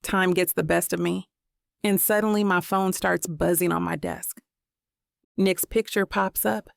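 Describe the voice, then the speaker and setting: A woman's voice: medium pitch, vocal fry, no room sound, studio quality. A woman narrating a first-person romance audiobook in a wry, self-questioning inner voice.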